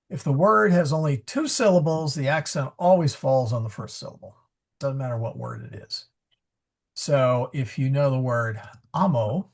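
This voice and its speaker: Over a video call, a man leads a live class on Latin pronunciation, explaining patiently and correcting himself as he goes, with plenty of fillers. His medium-pitched voice is gravelly with a breathy edge.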